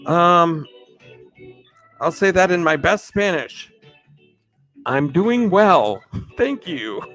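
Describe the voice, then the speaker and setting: A man's voice: high voice, expressive, very slow, a bit bright, faint music behind. A man hosting a live stream, greeting viewers by name in an upbeat, chatty way and laughing often. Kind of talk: casual live stream shout-outs.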